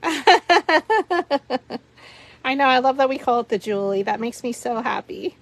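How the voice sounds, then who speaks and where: A woman with a slightly high voice and vocal fry hosts a live paper flower tutorial, speaking a little fast. She's chatty and giggly, narrating each step as she works and laughing and chatting with viewers.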